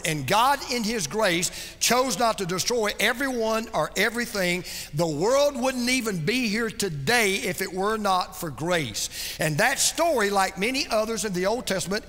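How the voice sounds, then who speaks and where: A middle-aged man preaching a sermon as a pastor, emphatic and rhythmic, dropping to soft, hushed phrases for stress. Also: high-pitched, big-room sound.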